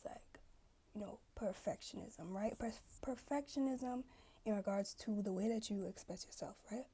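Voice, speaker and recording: A woman's voice: mid-range voice, gravelly, dark tone, slightly rough. A woman vlogging in a casual, chatty storytelling way, full of asides and fillers, acting out the voices of people she quotes.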